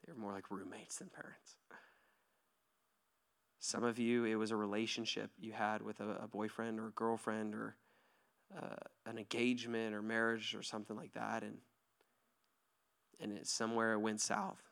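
A pastor in his thirties giving a sermon to his church, lively and joking at first, then soft and hushed as he leads a quiet prayer. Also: lowish voice, normal speed, creaky, smooth. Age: 30s. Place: church hall.

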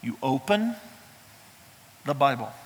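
A man's voice: mid-range voice, big pitch swings, slow, slight background noise. A middle-aged man, a pastor, preaching a sermon in an emphatic, conversational way with touches of humor, in a church. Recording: reverberant hall sound.

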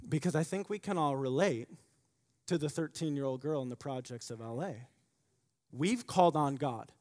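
A man preaching a sermon, repeating key phrases and swinging from loud emphasis to quiet asides. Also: mid-range voice, unhurried, pauses often. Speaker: pastor. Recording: long hall reverb.

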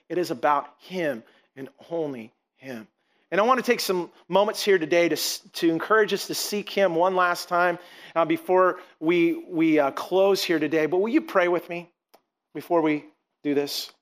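A man's voice: high voice, fairly bright tone. A middle-aged man, a pastor, preaching a sermon with earnest storytelling and frequent restarts.

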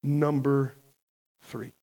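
A man's voice: mid-range voice, level tone, extremely slow, creaky, mellow. A man preaching a sermon as a pastor, emphatic and conversational, often asking the congregation questions.

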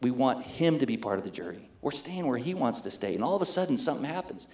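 A middle-aged man pastor telling a story in a sermon, animated and acting out the voices of the people in it. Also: medium pitch, echoey room. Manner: animated, acts out quoted voices.

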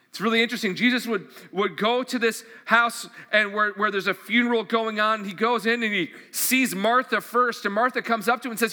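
A man's voice: high-pitched, a little fast, few pauses, bright, forceful tone, in a large hall. A man preaching a sermon in an earnest, conversational way, often repeating questions to his listeners. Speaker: pastor.

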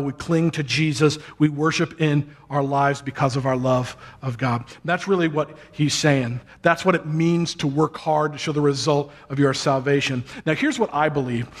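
Male pastor, sermon delivery, earnest and encouraging, slightly high-pitched voice. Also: a bit bright. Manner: earnest, encouraging, with light humor.

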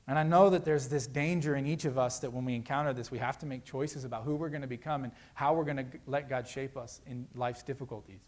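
A man preaching a sermon as pastor, earnest and conversational, swinging between loud emphasis and hushed, quiet lows. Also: steady tone, fast, hardly any pauses.

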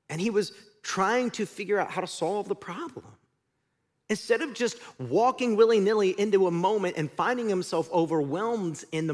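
A middle-aged man preaches a sermon with a high, lively voice that swings widely in pitch. His delivery is animated, rising to near shouts and falling to quiet intensity. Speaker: pastor.

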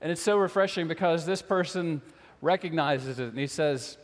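A man's voice: fairly high pitch, normal speed, in a large hall. A man preaching a sermon as a pastor, earnest and questioning, repeating phrases for emphasis.

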